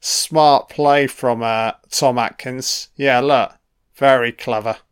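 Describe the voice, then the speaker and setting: A man's voice: mid-range voice, steady tone, takes it slowly, clear, resonant tone. A man giving a casual, sweary and sarcastic commentary on a film.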